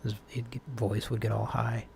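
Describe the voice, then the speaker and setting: A man's voice: fairly low pitch, monotone, moderate pace, vocal fry, a little mellow, slight background noise. A man hosting a live call-in stream, chatting casually and rambling with fillers and restarts.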